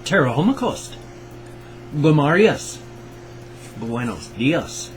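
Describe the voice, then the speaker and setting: A man's voice: mid-range voice, sing-song, measured pace, pauses often, slight background noise, low-quality recording. An older man from the Pacific Northwest with its accent, chatting in a rambling, self-correcting way in a casual solo vlog. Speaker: vlogger.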